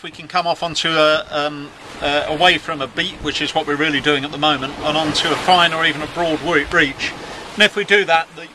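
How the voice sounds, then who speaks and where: A middle-aged man chatting wryly in a casual video diary from the deck of a sailing yacht at sea. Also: on the high side. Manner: chatty, wry, self-mocking. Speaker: yacht skipper vlogging at sea. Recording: wind and wave noise on deck.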